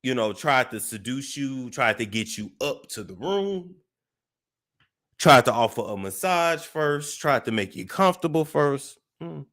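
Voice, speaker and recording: Animated man telling celebrity gossip. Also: mid-range voice. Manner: animated storytelling with restarts and dramatic pauses. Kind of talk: casual gossip commentary.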